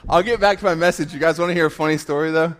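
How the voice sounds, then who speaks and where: A man's voice: fairly high pitch, steady tone. Man preaching with playful storytelling. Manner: storytelling with humor, quick shifts from loud to hushed. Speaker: pastor. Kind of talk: sermon.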